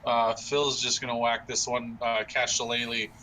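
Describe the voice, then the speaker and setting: A man's voice: mid-range voice, flat delivery, normal speed, pushed and bright, slight background noise, low-quality recording. A man playing a tabletop game, chatting playfully and cheering his friends on. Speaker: player. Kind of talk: casual game chat.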